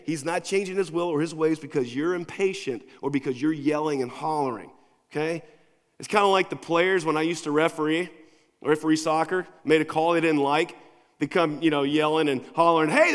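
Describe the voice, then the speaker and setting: A male pastor preaching a sermon in a casual, conversational way, moving between quiet asides and emphatic points. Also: fairly high pitch. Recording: long reverb of a large hall.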